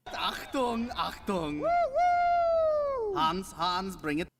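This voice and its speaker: A man's voice: extremely high pitch, sing-song, slow pace, gravelly, heavily acted. A man voicing a theatrical, war-hungry villain commander in a comedic parody dub, speechifying in a mock German manner. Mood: gleeful ranting. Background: music from the clip.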